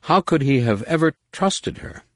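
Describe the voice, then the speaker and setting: A man narrating an audiobook in a measured, dramatic way. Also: a little high, expressive, fairly bright tone, no room sound, clean studio sound. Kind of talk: scripted narration.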